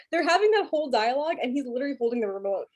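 A woman with a New York accent, co-hosting a casual podcast chat about a film, animated and laughing, with frequent swearing. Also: high-pitched. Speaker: podcast co-host.

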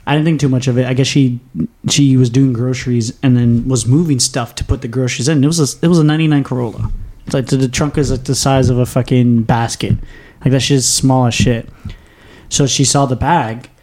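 A man's voice: mid-range voice, fairly even intonation, brisk, a little mellow. A young man hosting a podcast, telling a long story in a rambling, profane, casual way with frequent laughs. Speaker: podcast host. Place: small home studio.

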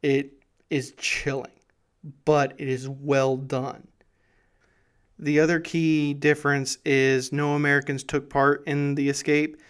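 Brief: male host, smooth clear voice, flat delivery, casual history storytelling. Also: fairly high pitch, takes it slowly.

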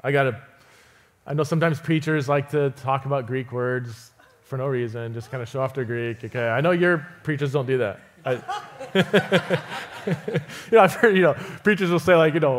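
A man giving a sermon as a guest preacher in a church, telling stories in an animated way, acting out the quoted voices and chuckling often. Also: medium pitch, normal speed. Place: church auditorium.

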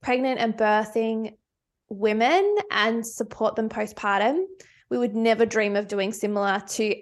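Earnest, slightly high-voiced woman talking. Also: measured pace. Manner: earnest and reflective, with fillers. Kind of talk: casual conversation.

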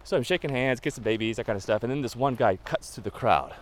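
A man's voice: mid-range voice, quick pace, a little hiss or hum. A man, a photographer who leads photo walks, telling chatty, rambling anecdotes with many fillers in a casual interview.

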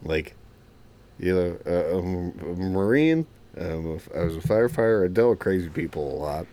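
A young adult man, a former Marine and firefighter, casually telling a profane, animated story as a podcast host. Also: sits low, normal speed.

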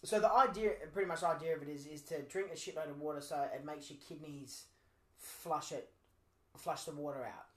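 A woman's voice: low voice, brisk. A young Australian woman on a podcast who tells crude stories in casual chat, swearing constantly and laughing as she talks. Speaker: podcast co-host. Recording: echoey room with crowd noise.

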